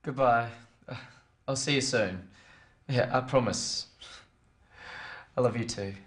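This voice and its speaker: Brief: a subdued, apologetic young man, mid-pitched, hesitant. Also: slow pace. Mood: tender. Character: young man named David, apologetic son. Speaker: actor in a learner drama. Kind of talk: scripted drama dialogue.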